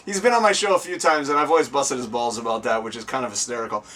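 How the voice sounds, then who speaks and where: A man's voice: mid-range voice, very fast, bright, forceful tone. A man hosting a casual interview show. He teases his guest and laughs often. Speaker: host. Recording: distant mic, breathy room sound.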